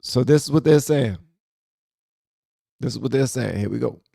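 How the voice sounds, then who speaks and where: A man with a gravelly, fry-laced voice reacts to clips on his podcast, jumping up in pitch when something strikes him as unbelievable. He sounds close to the mic in a dry space. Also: moderate pace, dry recording. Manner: animated, incredulous, laughs often. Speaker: podcast host. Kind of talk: reaction commentary.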